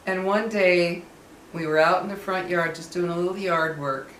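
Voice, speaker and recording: A woman's voice: lowish voice, steady tone, moderate pace, a bit bright, roomy sound, distant mic, slight background noise, low-quality recording. A woman in a casual vlog who tells a personal story earnestly and keeps stressing that it really happened. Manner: earnest, emphatic, insists the story is true. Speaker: vlogger.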